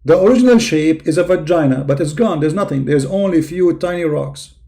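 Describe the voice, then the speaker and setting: A man hosting a video, talking sarcastically in a mocking commentary and drawing out his questions slowly. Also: a little high, gravelly, mellow. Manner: sarcastic, with slow, drawn-out questions. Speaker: video host. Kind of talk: mocking commentary with a comic skit.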